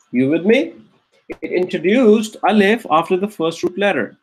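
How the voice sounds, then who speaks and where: A man's voice: sits high, expressive. Patient man teaching Arabic in class. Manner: patient, drills words by repeating them slowly; checks in with students often. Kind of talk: classroom grammar lesson.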